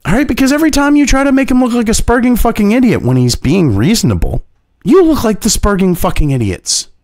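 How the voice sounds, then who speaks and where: A man's voice: high-pitched, big pitch swings, fast talker, darkish tone, dry recording, clean studio sound. A man ranting as an online commentator, heated and mocking, swearing constantly. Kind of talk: profane opinion rant.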